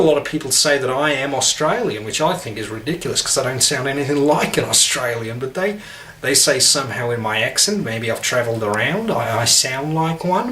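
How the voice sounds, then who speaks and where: A man's voice: mid-range voice, bright, forceful tone. An English-accented man, an English teacher, talking casually to camera with frequent hesitations and restarts. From England.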